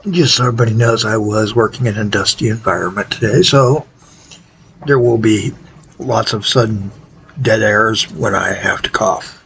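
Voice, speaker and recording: A tired man hosting a casual game tutorial, thinking aloud in a halting, low-key way. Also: vocal fry, fairly bright tone, slight background noise, poor audio. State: tired, worn out. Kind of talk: casual gameplay tutorial commentary.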